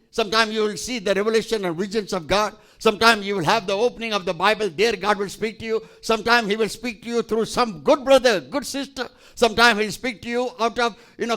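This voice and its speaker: A male pastor preaching a sermon, emphatic and repetitive, pausing for scripture readings. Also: high-pitched, a bit bright.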